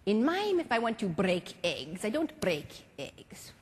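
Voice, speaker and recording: A woman putting on an elderly French mime master, fussy and exacting, drawing out his accented words slowly and precisely. The voice is husky, and long hall reverb trails after each phrase. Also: medium pitch, sing-song. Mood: instructive.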